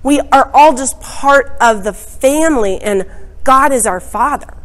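A woman's voice: high-pitched, a little slow, rough recording. A woman teaching a Bible study lesson, retelling a parable with dramatic, emphatic storytelling.

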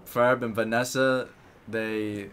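A man's voice: lowish voice, little pitch movement, takes it slowly, fairly bright tone, a little hiss or hum. A man rambling through an improvised story with lots of fillers while playing a game with friends. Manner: rambling with many fillers, laughing at himself. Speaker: gamer telling an improvised story.

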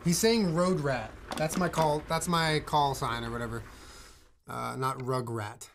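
A man's voice: medium pitch, fairly even intonation, unhurried, a little hiss or hum, rough recording. A man streaming a trucking game, chatting casually with viewers and friends in trucker radio lingo. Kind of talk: casual gaming stream chat.

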